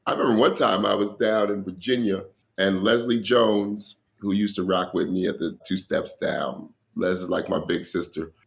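A man's voice: low voice, normal speed, creaky. A man, a comedian, telling stories from his career in an interview, acting out the dialogue and laughing. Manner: animated storyteller who acts out dialogue and laughs. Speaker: comedian guest. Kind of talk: storytelling in an interview.

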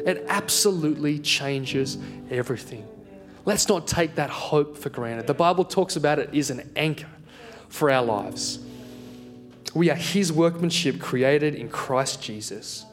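A young adult man preaching a sermon and telling a personal story in an animated way, laughing at himself as he goes. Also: on the high side.

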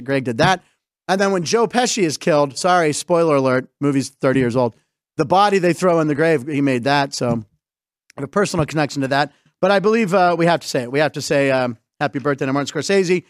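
A middle-aged man hosting a casual comedic sports talk show, rambling through jokes and quick asides. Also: fairly high pitch, no room sound, clean studio sound. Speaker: host.

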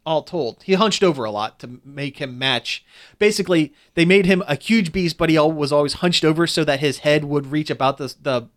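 A man's voice: fairly high pitch, moderate pace. A man in casual chat reviewing a film, rambling with restarts and fillers as he goes. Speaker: movie reviewer.

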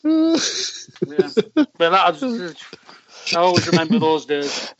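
A man, a former caddie, telling an earthy, animated anecdote and acting out the voices he quotes. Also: on the high side, normal speed, a crowd in the background. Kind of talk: storytelling anecdote. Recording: dull lo-fi sound.

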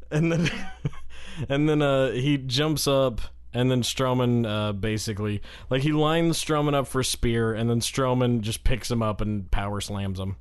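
A man's voice: mid-range voice, a little slow, clean tone. A man co-hosting a casual podcast, rambling through a wrestling recap with lots of fillers and laughs. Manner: slips into exaggerated crowd voices when retelling. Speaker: podcast co-host.

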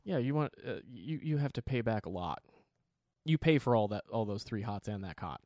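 A man's voice: mid-range voice, animated, normal speed, dark tone, no echo. A man co-hosting a podcast, talking in a dry, teasing way. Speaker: podcast co-host. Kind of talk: casual chat.

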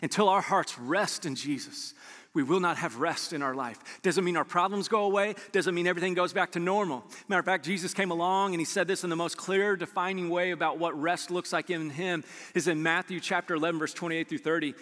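A man preaching a sermon as pastor, animated and acting out his listeners' replies. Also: high-pitched, brisk, in a large hall.

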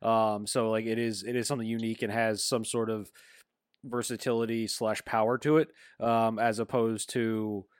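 A man's voice: fairly low pitch, level tone, normal speed, clean tone, no room sound, studio quality. A man co-hosting a podcast in casual chat, hesitant with many ums, then getting emphatic. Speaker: podcast co-host.

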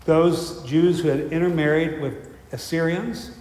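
A man's voice: medium pitch, normal speed, a little mellow. A man preaching a sermon, telling a story in a conversational way, full of fillers and restarts. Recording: echoey hall with faint ambience.

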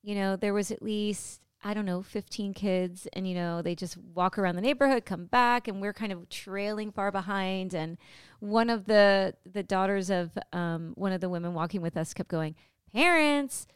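A woman's voice: mid-range voice, steady tone, moderate pace, smooth, dry recording, clean studio sound. A woman co-hosting a podcast in casual chat, chatty and laughing along with her partner. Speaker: podcast co-host.

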